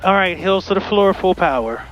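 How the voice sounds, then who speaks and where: A man's voice: high-pitched, animated, moderate pace, lo-fi sound. A man from Pittsburgh, a student pilot talking viewers through his flight from the cockpit in a chatty, upbeat way. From Pittsburgh, USA. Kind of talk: casual cockpit narration. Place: small plane cockpit in flight.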